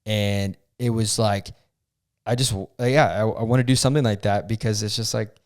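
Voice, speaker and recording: A young man in his twenties co-hosting a podcast, talking in an earnest, halting way with many restarts. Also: on the low side, fairly even intonation. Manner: earnest, halting, full of fillers. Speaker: podcast co-host. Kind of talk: casual chat.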